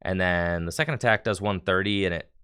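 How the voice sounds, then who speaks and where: A casual streamer man talks his way through opening card packs, loose and slangy, with bursts of enthusiasm. His voice sits slightly low but rings bright and crisp. He chats easily with his viewers throughout. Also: a little fast. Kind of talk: casual live-stream chat.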